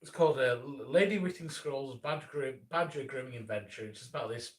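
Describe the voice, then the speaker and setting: A man's voice: medium pitch, fairly quick, recorded from a distance. Rambling man in his thirties. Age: 30s. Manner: rambling and self-deprecating, with repeated restarts. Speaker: animator and streamer. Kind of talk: casual live-stream chat.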